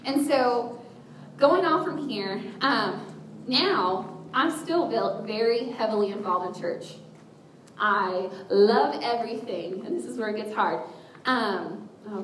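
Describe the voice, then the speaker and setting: A woman giving a candid, self-mocking personal testimony to a church group, acting out her inner voices as she speaks. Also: fairly bright tone. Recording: roomy echo with a faint rumble, voice picked up from a distance.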